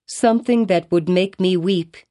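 A woman's voice: lowish voice, moderate pace, dark tone, close to an everyday voice. Woman reading a grave, sorrowful woman. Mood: solemn.

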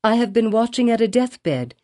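A woman reading a calm, dignified colonial mother. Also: on the high side, moderate pace, voice pushed up.

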